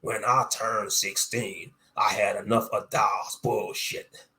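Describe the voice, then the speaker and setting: A man's voice: on the low side, steady tone, slow pace, sharp tone, slight background noise, heavily acted. A man voicing a boastful, murderous male pirate captain who taunts in sea-dog slang and chuckles as he talks.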